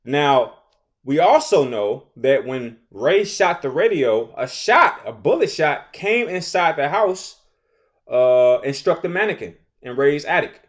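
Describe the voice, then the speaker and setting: A young man casually recapping a TV episode, rambling and animated, often acting out characters' lines. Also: a little high, takes it slowly. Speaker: show recap host.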